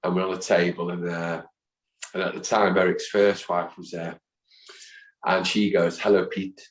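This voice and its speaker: A man in his fifties with a low, deep voice tells stories in a lively way, acting out the voices of the people he quotes. He sounds like an interview guest chatting casually. The recording carries a noticeable echo from the room. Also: normal speed. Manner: animated storyteller who acts out quoted voices. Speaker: guest, football fan. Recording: echoey room.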